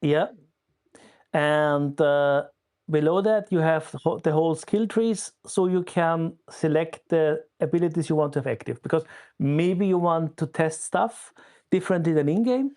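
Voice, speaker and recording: A man guest giving a casual, step-by-step walkthrough in a steady way of talking. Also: on the high side, moderate pace. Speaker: guest explaining a tool.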